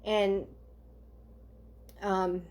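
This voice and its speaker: Speaking in a level, mid-range voice, this woman is a psychic medium reading live for an online audience. Her delivery is soft and hesitant, full of ums and okays.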